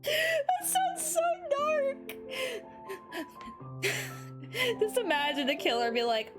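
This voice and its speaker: Giddy high-voiced young woman streamer. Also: drawn-out words, long pauses, over music. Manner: excitable, giggly, swearing, dramatic. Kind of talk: casual livestream chat.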